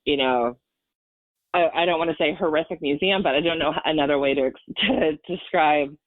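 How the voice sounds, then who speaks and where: A woman's voice: low-pitched, normal speed, dry recording. A woman in her forties tells a personal story on a podcast with earnest feeling, circling back through fillers and false starts. Her voice comes through a tinny, phone-like line. There is little room sound around her. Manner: earnest and emotional, rambling with many fillers and restarts. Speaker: podcast guest. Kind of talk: personal storytelling in casual chat.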